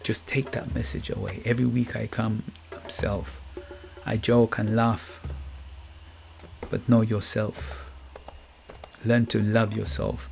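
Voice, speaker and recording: Gravelly Guyanese man musing aloud. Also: medium pitch, a little mellow. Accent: Guyanese Caribbean. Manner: musing, repeats words, asks "you get me?". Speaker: podcast host. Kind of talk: reflective motivational monologue. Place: England.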